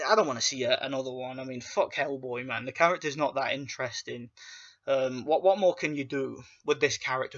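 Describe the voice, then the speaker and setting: A man rants through a movie review, blunt and profane, with plenty of open scorn. His voice is bright and forceful. The recording sounds dull and lo-fi. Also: medium pitch. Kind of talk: casual ranting film review.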